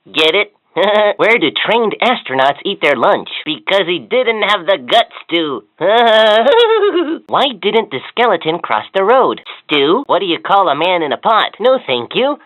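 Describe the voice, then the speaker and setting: A cheerful talking learning toy, chatty and encouraging, with a giggly joke-telling manner. Its voice leaps all over in a sing-song way. It comes through tinny and completely dry, like a small toy speaker. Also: female voice, mid-range voice, sing-song, a little slow, a bit bright, no room sound. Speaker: voice of a children's educational toy. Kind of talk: scripted toy voice lines.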